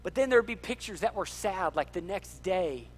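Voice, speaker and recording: A middle-aged male pastor, preaching an animated sermon in a church and joking with the congregation. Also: sits high, moderate pace, slight background noise. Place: church sanctuary.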